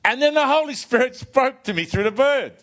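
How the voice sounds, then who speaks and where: An older man preaching a sermon, telling a personal story in an animated way, often restarting and repeating words. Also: very high voice, a little fast.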